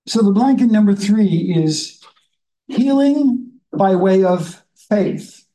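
A Bible study leader in a conversational teaching style, reading scripture slowly and then musing about it in a chatty way. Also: mid-range voice, animated, dark tone, poor audio.

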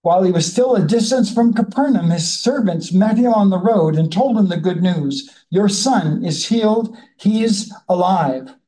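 A Bible study leader in a conversational teaching style, reading scripture slowly and then musing about it in a chatty way. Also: mid-range voice, animated, dark tone, rough recording.

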